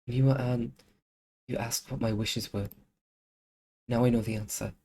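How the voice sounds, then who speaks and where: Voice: mid-range voice, fairly even intonation, normal speed, warm tone, slightly rough. A streamer voicing a lonely girl who pleads and begs others to stay with her, reading game dialogue aloud. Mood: longing. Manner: begging, clingy.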